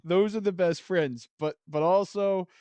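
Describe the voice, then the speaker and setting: A man's voice: sits high, unhurried, mellow, no room sound. A man streaming a game and chatting casually with viewers, laid-back and laughing often between his thoughts.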